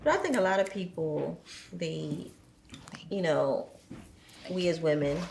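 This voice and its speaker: A low-pitched woman with a gravelly edge talks in a reflective, measured way. She leans on fillers as she gathers her thoughts. Her voice rings in an echoey room over a faint background hiss. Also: a little mellow. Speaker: podcast guest. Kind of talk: casual conversation.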